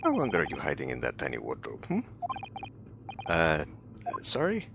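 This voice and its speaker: A man putting on a gruff Russian ship officer. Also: extremely low pitch, huge pitch swings, very noisy, voice pushed down, exaggerated voice. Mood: accusing. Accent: put-on Russian. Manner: stern, accusing, slow.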